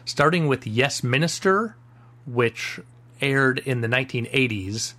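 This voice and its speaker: A man on a podcast panel, explaining his recommendations in a measured way. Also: medium pitch, lively intonation, sharp tone. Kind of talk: casual panel chat.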